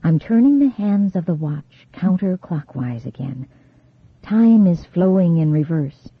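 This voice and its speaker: A woman voicing a calm adult female therapist who hypnotizes a girl, talking in a soft, coaxing, steady way. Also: on the low side, a little slow, breathy edge, no echo, narrow, tinny audio. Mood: soothing. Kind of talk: audiobook character reading.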